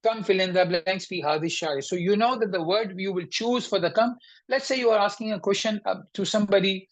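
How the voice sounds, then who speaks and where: A woman's voice: medium pitch, fairly quick. Woman teaching a patient, explanatory grammar lesson. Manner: patient, explanatory, checks in with students often; hesitant, with frequent fillers and restarts. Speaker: Arabic teacher. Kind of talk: online Arabic grammar lesson.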